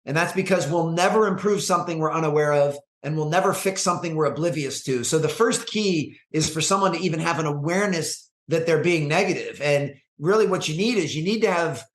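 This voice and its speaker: A man speaking as a guest in an interview, measured and reflective, often restarting his phrases. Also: on the high side, echoey room. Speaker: guest, performance coach and speaker. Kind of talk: conversational interview.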